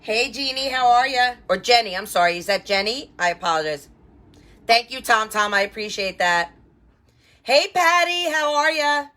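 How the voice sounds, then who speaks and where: Greeting her viewers by name, a wreath designer hosts a chatty live craft tutorial. Her voice is a little high, animated and bright with a forceful tone at normal speed. She stays upbeat, tossing in lots of fillers and asides to the audience.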